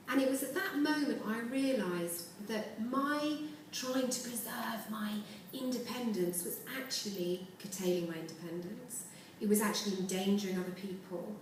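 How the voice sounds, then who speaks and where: A woman with a medium-pitched voice gives an earnest, reflective personal speech as an award speaker, breaking into warm laughter along the way. Slight background noise is present, and she's heard from far off in an echoey hall.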